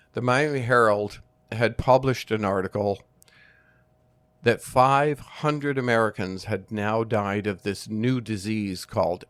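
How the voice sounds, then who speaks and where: Older man, interview guest, earnest measured storytelling, dry close sound. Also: on the low side, fairly bright tone, clean tone, dry recording. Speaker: interview guest, former firefighter and nurse.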